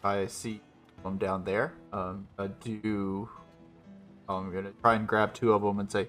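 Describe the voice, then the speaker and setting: Give me a low-pitched man, casual, as a tabletop player. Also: level tone, measured pace, fairly bright tone. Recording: faint music behind.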